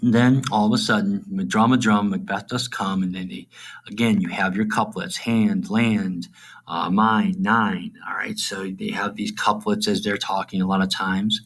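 A man with a lowish voice delivers an informal recorded lesson. He checks in constantly with a quick "okay?" and slips into quiet, whispery asides while explaining. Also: steady tone, poor audio. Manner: trails off into low, whispery asides. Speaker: teacher. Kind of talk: recorded classroom lecture.

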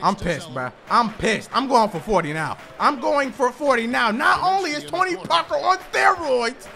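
Young guy trash talkin over his basketball game, high gravelly voice, yelling and ranting, game music going behind. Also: sing-song, moderate pace. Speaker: gaming YouTuber. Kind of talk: live gameplay commentary.

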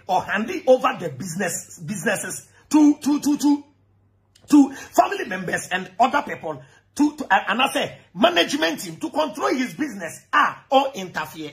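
Ghanaian guy ranting about politics, really high bright voice, yells and laughs a lot. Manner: shouting, laughing, mixing English with Twi. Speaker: commentator. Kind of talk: animated political rant.

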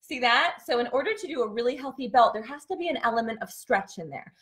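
A young woman talks fast in a slightly high, animated voice while running a live singing class, tiredly explaining and demonstrating vocal exercises. She breaks up her explanations by singing and yelling sample notes.

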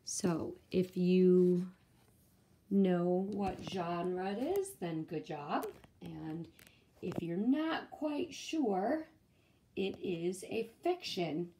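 A woman reading a children's bedtime story aloud in a gentle, teacherly way. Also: lowish voice, animated, extremely slow, slight background noise.

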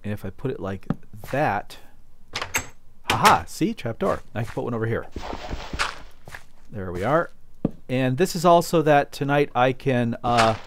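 A man's voice: mid-range voice, animated, measured pace, long pauses, noisy background. A man hosting a casual let's play, chatting playfully as he goes and talking to objects in the game.

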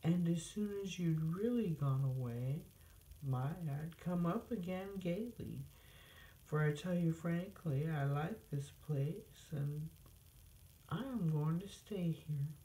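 A woman's voice: deep voice, slow pace, mellow, voice pushed up. A woman voicing a shy but stubborn male dragon in a storybook reading, sounding slightly nervous and talkative. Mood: polite, stubborn. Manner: nervous then firm, talkative. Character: shy, chatty, stubborn male dragon who stays home. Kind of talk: storybook read-aloud. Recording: roomy echo.

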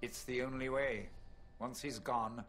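A man's voice: mid-range voice, steady tone, unhurried, fairly bright tone, faint music behind, lightly acted. An actor playing a serious, resolute male rebel plotting against a ruler in a role-playing game.

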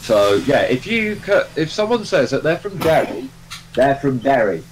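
A man's voice: medium pitch, very animated, normal speed, a little hiss or hum, poor audio. A man hosting a live game stream, chatting casually and rambling with lots of fillers and restarts. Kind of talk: casual chat while playing a train game.

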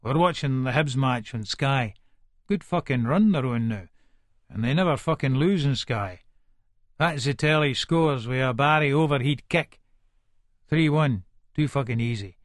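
A man's voice: medium pitch, no room sound, clean studio sound, lightly acted. A man voicing Begbie, a foul-mouthed Edinburgh hardman. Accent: Edinburgh Scots. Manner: aggressive, swearing constantly. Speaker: audiobook narrator in character. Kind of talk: first-person audiobook narration.

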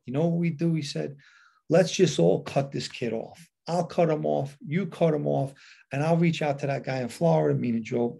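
A middle-aged man tells a story from his past in a loose, casual monologue. He switches into the voices of the people he quotes, so his delivery keeps shifting in speed and loudness. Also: medium pitch, vocal fry, breathy edge. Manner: animated retelling with quoted dialogue. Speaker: podcast host telling a personal story.

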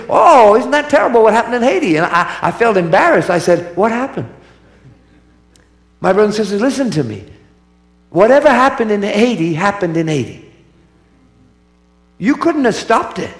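A man's voice: high voice, a bit bright, reverberant. A man preaching a sermon to a congregation, emphatic and repetitive, calling for answers from the crowd. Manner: emphatic, repetitive, call-and-response.

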